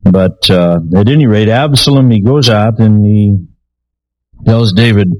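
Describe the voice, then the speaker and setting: Folksy low-voiced preacher telling stories. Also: male voice, unhurried, darkish tone, dry recording, low-quality recording. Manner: folksy storytelling, many uh fillers, voices characters. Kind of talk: sermon.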